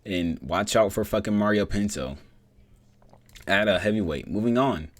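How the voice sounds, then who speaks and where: A young man giving a casual, profane, rambling breakdown of fights as a vlogger, getting excited as he talks. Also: lowish voice, normal speed, dry recording. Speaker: MMA vlogger.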